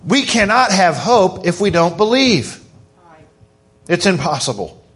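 A man preaching a sermon as pastor, emphatic and animated as he stresses his points. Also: high-pitched, unhurried.

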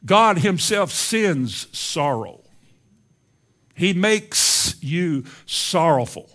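A man preaching a sermon, swinging between loud, emphatic lines and quiet, low asides. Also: big pitch swings, very slow. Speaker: pastor.

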